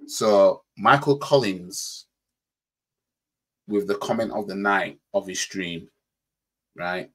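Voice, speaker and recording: Low-voiced Yorkshire man reacting casually. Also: slow, pauses often, a bit bright. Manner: rambling, repeats words while thinking. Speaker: reaction channel host.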